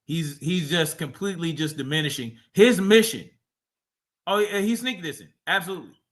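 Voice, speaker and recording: A man's voice: a little high, moderate pace. A man hosting a livestream, reacting to a clip with profane, mocking casual commentary. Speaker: livestream host.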